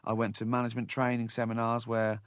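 A man in an interview, telling office anecdotes in a wry, conversational way at a middle pitch. His voice is recorded dry and close in a studio. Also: completely flat delivery, fast, no echo. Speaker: comedy creator, interview guest.

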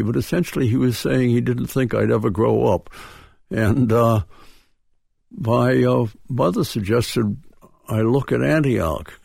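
An older man from Dedham with a Boston accent, reminiscing as a radio interview guest in a halting way, with many restarts and chuckles. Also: mid-range voice, darkish tone, no echo, clean studio sound. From Dedham, Massachusetts. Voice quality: gravelly, husky. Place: radio studio.

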